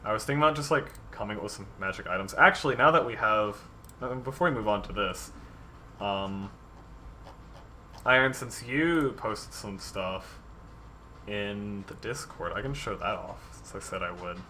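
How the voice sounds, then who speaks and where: Over a bit of hiss or hum, a man with a lowish, pushed and bright voice speaks at a moderate pace as he creates monsters for a tabletop game on stream. He rambles with many ums and reads viewers' ideas out loud.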